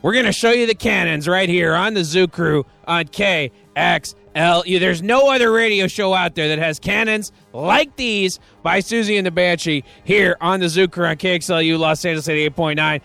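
A man's voice: sits high, normal speed, gravelly, few pauses, bright, forceful tone, no room sound. A man hosting a radio music show, talking in a playful, rambling, jokey way between songs. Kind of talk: casual radio DJ patter. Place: radio studio.

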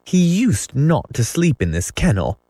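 A man's voice: on the high side, sing-song, a little slow, mellow, no echo, pitched above the performer's own voice, exaggerated voice. A man voicing an eager, somewhat bossy boy who exclaims and suggests plans in a storybook reading.

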